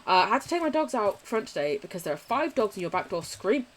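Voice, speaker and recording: A woman's voice: mid-range voice, sing-song, quick pace, slight background noise. A woman live streamer chatting casually with her viewers while gaming, swearing freely and gushing affection.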